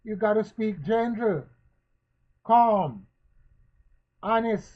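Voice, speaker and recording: Slow, high-voiced man with lilt. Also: lively intonation. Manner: rhetorical, repetitive questioning; slow, emphatic preaching cadence. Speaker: commentator. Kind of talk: spoken social commentary. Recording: dull lo-fi recording.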